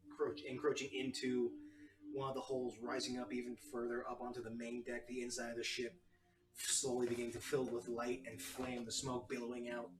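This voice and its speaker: A man acting as game master, narrating scenes in a halting, descriptive way with frequent restarts. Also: medium pitch, distant mic, background noise. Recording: roomy audio from off mic with music behind.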